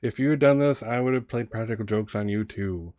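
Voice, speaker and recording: A man's voice: fairly low pitch, a little fast, a little mellow, no echo, lightly acted. A man voicing an anxious, earnest teenage boy at a wizard school, talking in a pleading, rambling way. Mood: apologetic.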